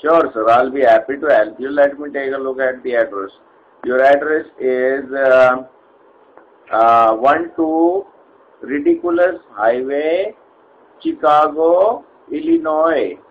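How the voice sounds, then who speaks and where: A man's voice: mid-range voice, very animated, takes it slowly, narrow, tinny audio, slight background noise. A man voicing a polite, formal male call center agent with an Indian accent in a comedy sketch, hesitant and full of fillers. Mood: politely formal.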